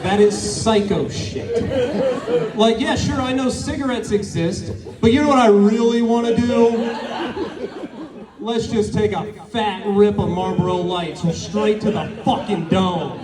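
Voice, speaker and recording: High-voiced man doing crude stand-up. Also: a little slow. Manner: crude, rambling storytelling with acted-out quotes. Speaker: stand-up comedian. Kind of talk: stand-up comedy set. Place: open mic show in a bar or small venue. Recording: echoey room, mic from a distance. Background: crowd reactions.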